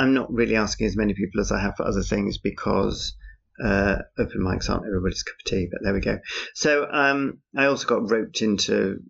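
A man's voice: lowish voice, creaky, a bit bright, slightly rough. A man talking outdoors on a street at night in a rambling, casual monologue, with wry, dryly sarcastic asides. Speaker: podcaster. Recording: dull, muffled lo-fi recording.

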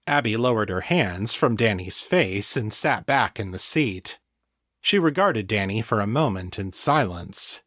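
A man narrating his own novel as an audiobook in a measured, steady way. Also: fairly low pitch, no room sound, clean studio sound.

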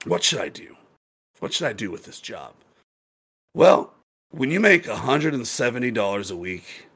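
Young adult man, gaming streamer; casual, profane storyteller with a very lively, swinging pitch. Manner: animated, profane, laughing storyteller.

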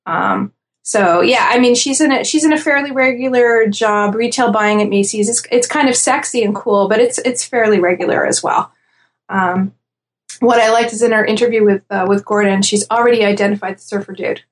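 A woman's voice: medium pitch, normal speed. A woman in casual podcast chat, talking through predictions with lots of fillers and easy laughs. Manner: chatty, laughs easily, many fillers. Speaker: podcast guest analyst.

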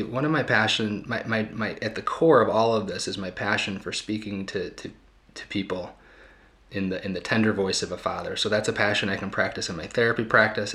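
A man with a fairly low voice and a bright, forceful tone hosts a reflective talk for his audience. He speaks earnestly as a therapist and often pauses to find the right words. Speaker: host and therapist.

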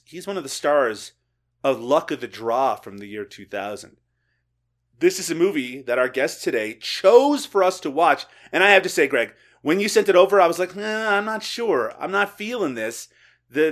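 Man, podcast host, bright ringing voice, joking, laughs a lot. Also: fairly high pitch. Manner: joking, animated, laughs often. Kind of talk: casual podcast chat.

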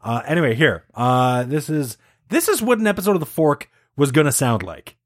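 A man's voice: a little high, normal speed. A man co-hosting a podcast, joking and laughing through a casual chat with friends. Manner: joking, animated, laughs while talking. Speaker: podcast co-host.

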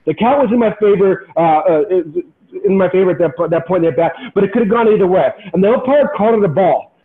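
A former pro baseball player, guest on a podcast, tells a story in a casual interview. His voice is high and intense, his pace quick, and he's animated and motivational, repeating words when excited. The audio sounds tinny, like a phone.

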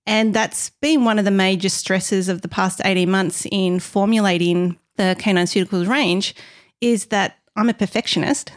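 A woman's voice: medium pitch, steady tone, moderate pace. A woman with a mid-range voice co-hosts a casual podcast. She speaks earnestly and from the heart about the decisions she makes running her business. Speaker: podcast co-host, business owner.

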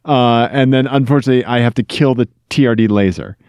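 A man's voice: mid-range voice, quick pace, darkish tone, clear, resonant tone, no echo. A man from Missouri co-hosting a casual chat show, joking and reading out a listener game with playful asides. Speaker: co-host. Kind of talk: casual banter podcast.

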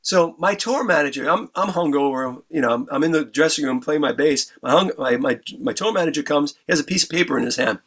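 Man, raised pitch, casual guest storyteller, profane and animated. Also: brisk, hardly any pauses, husky. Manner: animated storyteller, stumbling restarts, acts out voices. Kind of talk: casual anecdote, heavy swearing.

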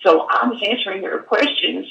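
A woman giving an earnest personal testimony, halting and at times choked up, in an echoey room away from the mic. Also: mid-range voice, vocal fry, a bit bright, distant mic, highs cut off. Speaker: guest telling her story.

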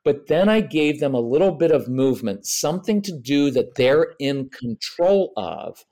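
Man giving lively parenting advice. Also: fairly high pitch, moderate pace. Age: middle-aged. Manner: practical, lively, acts out examples in voices. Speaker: parenting expert guest. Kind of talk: podcast interview.

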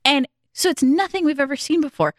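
A woman chatting casually about a movie, expressive and teasing. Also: sits high, a little fast, dry recording, clean studio sound. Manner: expressive and teasing, acts out reactions. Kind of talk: casual movie review chat.

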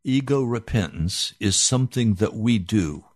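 A pastor telling a personal story in an animated sermon. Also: male voice, lowish voice, measured pace, no echo, studio quality.

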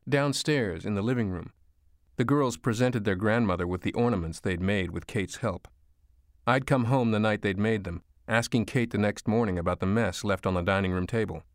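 A man reading an audiobook in a measured, gentle storytelling manner. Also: fairly low pitch, no room sound, studio quality. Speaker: audiobook narrator. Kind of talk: scripted narration.

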